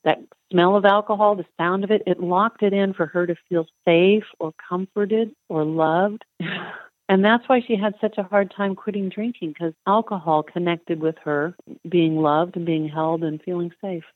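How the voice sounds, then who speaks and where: Animated hypnotist on a tinny line. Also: medium pitch, moderate pace, dry recording. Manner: animated storytelling, laughs often. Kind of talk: guest in an interview. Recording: tinny phone-line sound, dry.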